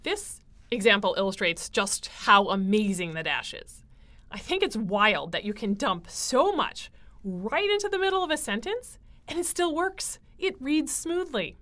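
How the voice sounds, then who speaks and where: A woman giving a writing lecture, explaining clearly with frequent fillers. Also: a little high, expressive, unhurried, sharp tone. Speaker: writing instructor.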